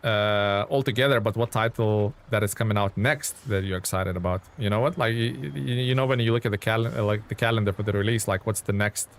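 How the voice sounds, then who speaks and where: Talking a little fast with few pauses, this man with a fairly low voice streams a game and chats casually with his audience. His speech rambles and keeps restarting, and he responds to people in chat by name.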